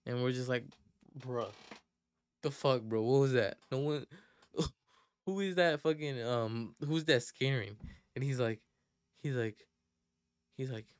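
A man's voice: medium pitch, slow pace, long pauses, smooth, dry recording. A young man hosting a podcast, telling a story casually in slang with lots of fillers and restarts. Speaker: podcast host.

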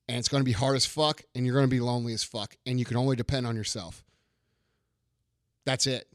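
A man's voice: mid-range voice, fairly bright tone, dry recording, studio quality. A middle-aged man hosting a podcast, delivering a blunt, profane motivational rant and repeating his lines for emphasis. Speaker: podcast host.

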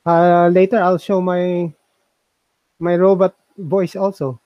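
A man's voice: sits high, flat delivery, takes it slowly, no echo, muffled recording. A man co-hosting a casual chat, talking in a hesitant, musing way full of fillers and restarts. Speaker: co-host reviewing voice software.

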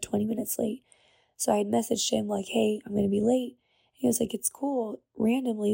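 A woman's voice: medium pitch, gravelly, dark tone, slightly rough, no room sound. A young woman host telling her personal testimony in an earnest, emotional way, with lots of "like". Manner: earnest, emotional, uses "like" often. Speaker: podcast host.

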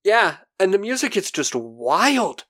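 A man co-hosting a podcast, recapping a TV episode in animated casual chat, swearing casually and acting out quotes. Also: high-pitched, takes it slowly. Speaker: podcast co-host.

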